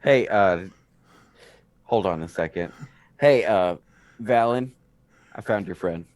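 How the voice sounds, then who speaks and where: A man plays a tall dragonborn fighter in a tabletop game, speaking casually with a lowish voice. The sound is dry and close. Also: takes it slowly, darkish tone, no echo.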